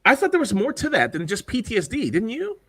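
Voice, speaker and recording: A man's voice: high voice, huge pitch swings, fast talker, crowd noise. A man co-hosting a podcast in casual chat, blunt and profane, rambling with lots of fillers. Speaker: podcast co-host.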